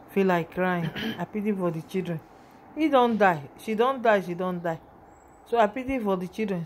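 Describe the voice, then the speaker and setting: A woman with a Nigerian accent talks her viewers through a video in loose, rambling commentary. Her voice sits at a middle pitch, and she sounds heavy with emotion as she keeps turning back to her audience. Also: a little mellow, a little hiss or hum. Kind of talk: casual commentary vlog.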